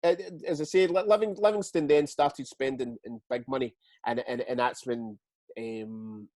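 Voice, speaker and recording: A Scottish man in his forties, a guest telling stories in a casual interview, halting and repeating words as he goes. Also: mid-range voice, no room sound. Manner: lively storyteller. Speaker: guest, retired footballer.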